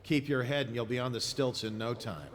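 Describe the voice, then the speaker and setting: Businesslike guard officer voiced by a man, mid pitch, noisy background. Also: steady tone, lightly acted. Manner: brisk, businesslike. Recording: game audio with ambient noise.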